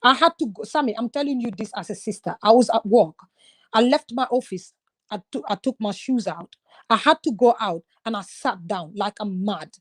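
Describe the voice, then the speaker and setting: Talking at normal speed in a voice on the high side, a Gambian woman opens up as a guest in casual conversation. She describes her own experiences earnestly and in a confiding way.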